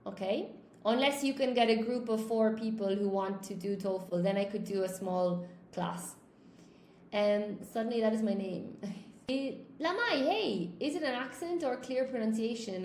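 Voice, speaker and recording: A woman who teaches English chats casually on a livestream, reading viewer comments aloud and often adding "you know?" to her points. Her voice sits on the high side with a darkish tone, recorded with a roomy echo and a faint hum.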